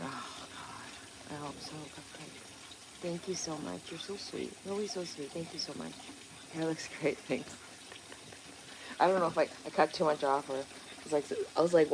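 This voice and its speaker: A low-voiced woman hosts a relaxed livestream next to a pond, rambling, cursing now and then, and reading out and answering viewer comments. The recording is rough, with outdoor noise in the background.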